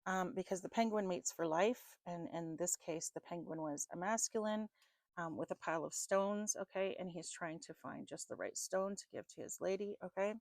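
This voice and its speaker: A woman's voice: lowish voice, moderate pace, gravelly, a little mellow, no echo. A North American woman doing a casual tarot and spirit box reading, musing aloud and often checking in with "okay?". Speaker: tarot reader.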